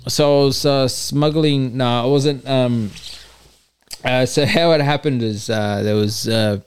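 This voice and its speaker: A man, a podcast guest telling a story slowly and jokily, with many fillers. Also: mid-range voice, steady tone, clear, resonant tone. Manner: slow, hesitant, jokey storytelling with many fillers. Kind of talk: casual podcast chat.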